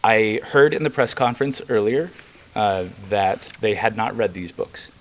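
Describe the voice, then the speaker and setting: Casting: young man, lowish voice, earnest legislator at a press conference, emphatic. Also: a little slow, slight background noise. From rural Missouri. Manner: earnest and emphatic, with occasional fillers. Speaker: state legislator.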